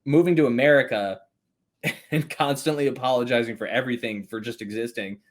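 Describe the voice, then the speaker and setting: A man's voice: mid-range voice, a little fast. A young man telling stories as a podcast guest in a rambling, casual way, swearing often and laughing between words. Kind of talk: casual storytelling chat.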